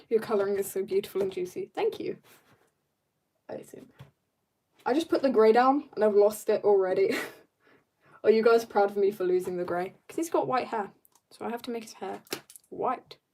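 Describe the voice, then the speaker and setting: Drawing on a livestream, this woman chats easily with her audience, bubbly and quick to laugh, as she reads their messages. Her voice sits in the middle range and has a slightly mellow quality.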